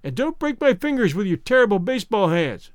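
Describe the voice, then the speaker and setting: A man reading the lines of a shy, flustered young woman in a story, raising his voice higher. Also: very animated, fairly quick, dry recording, clean studio sound. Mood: coy.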